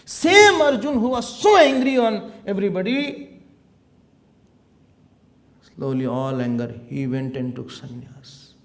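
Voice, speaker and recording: A man with an Indian accent giving a spiritual discourse, playful and animated, slipping Hindi phrases into his English. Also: high voice, a little slow, pauses often. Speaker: spiritual teacher.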